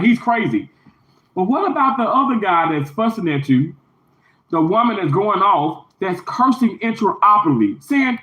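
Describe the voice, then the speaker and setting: Man with a high voice, emphatic and indignant, in a casual livestream rant; roomy, slightly muffled audio. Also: a bit bright. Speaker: livestreamer, hospital worker. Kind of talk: casual live stream rant.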